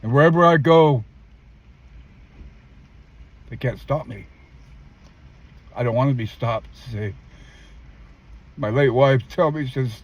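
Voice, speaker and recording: A man's voice: slow, long pauses. An older man giving emphatic personal testimony in a street interview, acting out the people he quotes in his story. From California. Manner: emphatic storyteller who acts out quoted voices, often jumping high. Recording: dull lo-fi sound with faint traffic.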